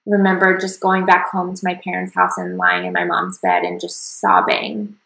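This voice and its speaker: A woman's voice: on the low side, vocal fry, fairly bright tone, roomy sound, low-quality recording. A woman hosting her own podcast, telling her personal story in an earnest, confessional way. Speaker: podcast host.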